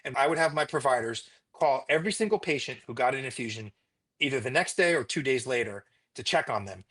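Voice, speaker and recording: A man, a physician, telling stories in a conversational interview in an emphatic, animated way. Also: medium pitch, a little fast. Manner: emphatic, animated retelling with repetition.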